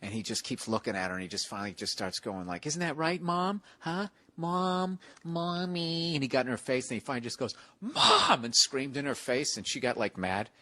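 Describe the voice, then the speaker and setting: A man's voice: on the low side, quick pace, hardly any pauses, no room sound. Male comedian guest, salty anecdotes, acts out every quote, dry close sound. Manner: profane, animated storyteller who acts out quotes. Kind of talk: casual storytelling on a talk show.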